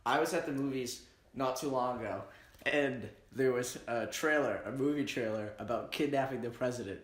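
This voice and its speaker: A man's voice: mid-range voice, normal speed. A man co-hosting a casual podcast, tossing in dry puns and jokes. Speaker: podcast co-host. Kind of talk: casual chat. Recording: roomy echo.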